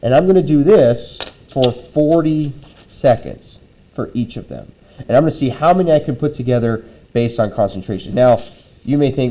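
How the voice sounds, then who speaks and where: A man's voice: mid-range voice, lively intonation, moderate pace, warm tone, low-quality recording. A man teaching a class, walking students through a hands-on lab in a conversational way, often checking in with "okay?" between steps. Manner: conversational, frequent "okay?" check-ins and "um" fillers.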